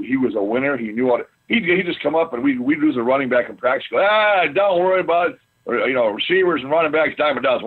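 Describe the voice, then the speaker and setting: A man's voice: mid-range voice, breathy edge, phone-quality sound. A middle-aged man, a former pro football lineman, telling boisterous stories in casual chat and swearing freely. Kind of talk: casual storytelling.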